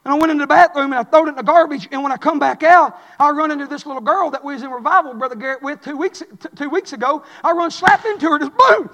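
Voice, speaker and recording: A man, preaching a sermon in an impassioned, shouting cadence in a church. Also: very high voice, quick pace, hardly any pauses. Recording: long reverb of a large hall.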